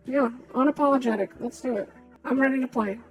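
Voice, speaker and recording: A woman's voice: high-pitched, fairly quick, slightly rough, highs cut off, faint music behind. A woman voicing a vengeful young woman adventurer who speaks of her revenge defiantly and without apology. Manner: defiant, matter-of-fact.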